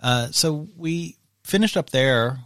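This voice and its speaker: Animated man telling stories casually. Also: fairly high pitch, slow, no room sound, studio quality. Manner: animated storyteller, acts out quotes, swears casually. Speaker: podcast co-host. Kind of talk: casual chat.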